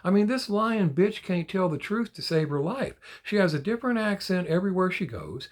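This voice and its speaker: A man whose voice sits high, with big pitch swings, talks at a moderate pace as host of a die-cast toy collector channel. Chatting casually with viewers, he gets frustrated and rants, swearing a lot and repeating himself when worked up.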